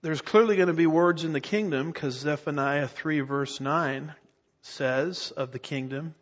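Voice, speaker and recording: Middle-aged male pastor, emphatic teaching sermon, raised pitch, muffled reverberant church recording. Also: a little slow. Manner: emphatic teacher, asks the congregation rhetorical questions. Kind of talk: expository sermon.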